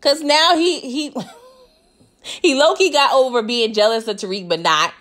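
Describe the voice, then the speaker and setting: A woman with a fairly high voice runs through a TV episode in a loose, chatty recap. She laughs often and slips into quick voices for the characters. She keeps checking in with her listeners. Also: a bit bright. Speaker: TV recap vlogger. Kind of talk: casual show recap.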